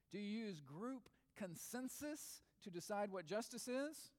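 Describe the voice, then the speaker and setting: High-voiced preacher in a reverberant hall. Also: male voice, sing-song, measured pace, a little mellow. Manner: questioning, emphatic preaching. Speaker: pastor. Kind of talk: sermon.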